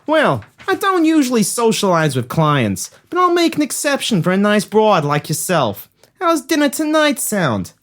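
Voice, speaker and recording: A man playing a cocky, flirtatious New York private investigator in a comedy audio drama, using a voice pitched well above his own. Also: wildly swooping pitch, normal speed, fairly bright tone, exaggerated voice. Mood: cocky flirting. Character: smooth-talking male New York private eye.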